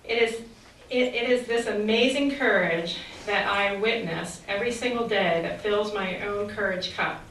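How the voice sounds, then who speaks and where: A woman's voice: mid-range voice, normal speed, a bit bright, a little hiss or hum. A woman gives an earnest, reflective talk in the manner of a sermon, turning often to rhetorical questions. Her voice carries through a very roomy, echoing space and is picked up from some distance. Faint ambience hangs behind her. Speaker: speaker giving a faith reflection.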